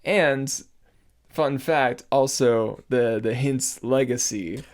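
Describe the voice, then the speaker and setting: A young man co-hosts a podcast in relaxed, halting chat. He restarts his sentences and chuckles often. His voice sits at a middle pitch. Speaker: podcast co-host. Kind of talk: casual chat.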